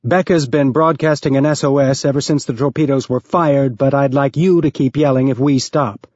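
A man's voice: medium pitch, fairly even intonation, normal speed, a little mellow, no room sound, dull audio, natural voice. A man voicing a commanding male ship captain giving orders over a radio channel. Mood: urgent, commanding.

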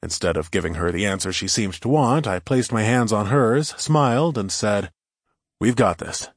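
A man's voice: fairly low pitch, animated, normal speed, no room sound, clean studio sound. A man narrating a first-person adventure story in a wry, conversational way.

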